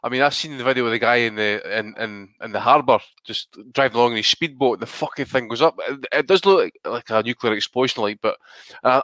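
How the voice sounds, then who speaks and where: Co-host, male, mid-pitch voice, sweary animated rants with restarts, dry close mic. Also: no echo. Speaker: podcast co-host. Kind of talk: casual podcast banter.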